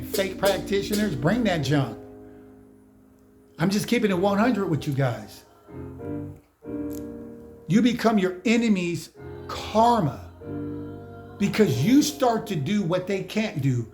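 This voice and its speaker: High-voiced man preaching over music. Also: big pitch swings, takes it slowly, long pauses. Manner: emphatic, slangy, lecturing the audience directly. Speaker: spiritual motivational speaker. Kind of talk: preachy motivational monologue. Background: music playing behind.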